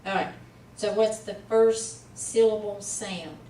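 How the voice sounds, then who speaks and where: A woman tutoring a student in Hebrew reading in a casual one-on-one lesson, patiently sounding out letters and syllables slowly. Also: mid-range voice, dark tone, roomy sound, recorded from a distance, slight background noise, rough recording.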